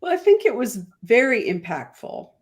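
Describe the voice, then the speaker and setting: A woman attorney giving measured legal commentary on a podcast, explaining with analogies and stumbling through restarts. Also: fairly high pitch, huge pitch swings. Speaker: attorney guest.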